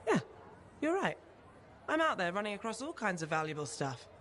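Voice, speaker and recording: A breezy reckless gambler. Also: female voice, medium pitch, big pitch swings, normal speed, a bit bright, slight background noise. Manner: breezy, joking, careless. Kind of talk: video game dialogue.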